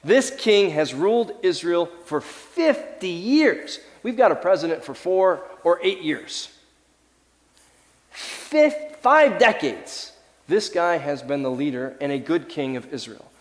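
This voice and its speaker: Guy preaching a sermon, fairly high voice that swings all over, long echo of a big church. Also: takes it slowly. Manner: animated, acts out voices of people in the story. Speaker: pastor. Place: church sanctuary.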